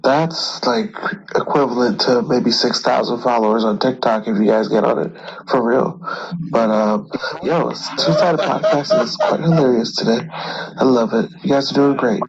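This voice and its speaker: A man dropping in on a podcast, laid-back and joking in casual slang, with a husky voice. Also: mid-range voice, sing-song, normal speed, muffled recording, crowd noise. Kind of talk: casual chat.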